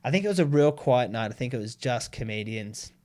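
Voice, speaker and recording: A man's voice: mid-range voice, animated, fairly quick, a little mellow. An Australian man, a comedian, telling loose, sweary stories packed with fillers in a casual chat.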